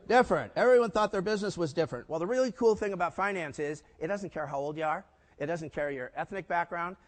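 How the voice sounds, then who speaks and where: An older man speaks to a live audience at a conference, his slightly higher voice carrying through a large hall with a long reverb. He tells stories in a lively way, pausing to quiz the crowd with rhetorical questions. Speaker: keynote speaker. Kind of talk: storytelling conference talk.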